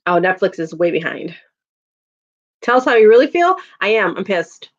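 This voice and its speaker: A woman's voice: mid-range voice, very animated, moderate pace, lo-fi sound. A woman hosting a casual livestream, chatting with viewers, venting and laughing often. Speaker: livestream host reading chat.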